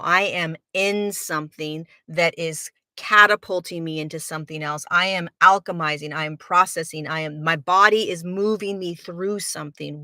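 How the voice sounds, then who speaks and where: A woman's voice: lowish voice, fairly even intonation, normal speed, hardly any pauses, pushed and bright, dry recording, studio quality. A woman hosting a spiritual podcast, talking earnestly in a reflective monologue and repeating words for emphasis. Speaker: spiritual teacher and podcast host.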